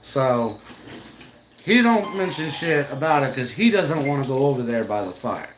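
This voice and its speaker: A woman's voice: very deep voice, sing-song, normal speed. A woman running a tabletop game who talks through a session recap in a laid-back, blunt and profane storytelling way. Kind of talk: casual podcast recap. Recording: echoey room with clear background noise.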